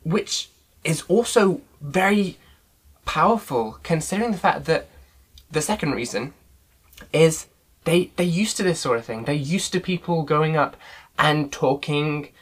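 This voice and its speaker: A man's voice: on the high side, animated, measured pace, slightly rough, rough recording. A man leading an online Bible study in a casual teaching style, earnest and loosely phrased with frequent filler sounds.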